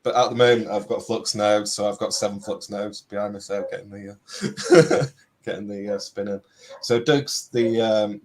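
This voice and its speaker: A man with a thick Yorkshire accent casually hosting an online panel, chatty and full of thanks. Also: lowish voice. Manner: chatty, thankful, lots of fillers. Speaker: host.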